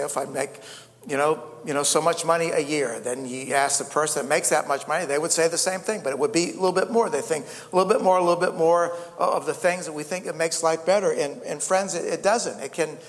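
A man preaching a sermon with a slightly high voice, in a loose, repetitive way, calling out "amen" and "friends" to his listeners. His voice rings with the long reverb of a large hall. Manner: repeats words and restarts, calls out "amen" and "friends". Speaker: pastor.

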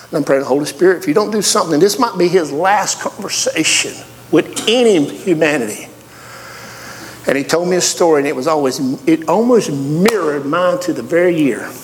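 Southern preacher in an echoing hall. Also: male voice, a little hiss or hum. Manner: folksy, swings from quiet to high excited pitch. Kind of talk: sermon with personal stories. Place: church. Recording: long reverb of a large hall.

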